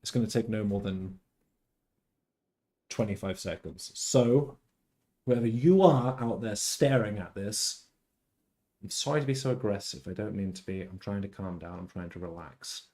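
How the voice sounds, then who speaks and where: Man, game livestream host, warm mellow tone, theatrical, loud outbursts then murmurs, casual chat at home. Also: on the low side, moderate pace. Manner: theatrical, swings between loud outbursts and mock-tender murmurs.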